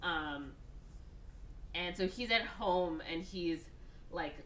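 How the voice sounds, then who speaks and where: A woman's voice: on the low side, slow pace, a bit bright, echoey room, a little hiss or hum. A woman hosting a podcast, casually retelling a movie plot in a chatty way, filling her talk with "like". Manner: chatty, heavy use of "like", breaks into exaggerated voices for characters. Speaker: podcast host.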